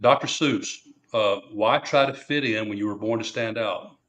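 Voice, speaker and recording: A man in his sixties, a guest on a podcast, speaking in a measured, thoughtful way and often restarting his sentences. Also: fairly low pitch, a bit bright. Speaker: true crime channel creator, guest. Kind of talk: conversational podcast interview.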